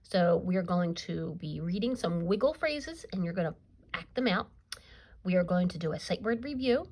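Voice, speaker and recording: A woman's voice: fairly low pitch, animated, normal speed, darkish tone. A woman teaching a recorded reading lesson to young children, upbeat and encouraging with a sing-song teacher voice. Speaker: kindergarten teacher.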